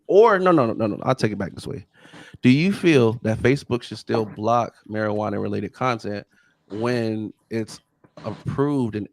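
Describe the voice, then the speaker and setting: A man hosting a podcast interview, chatting casually with lots of slang, fillers and restarts. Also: mid-range voice. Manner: laid-back slangy talk, many fillers and restarts. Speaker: podcast host.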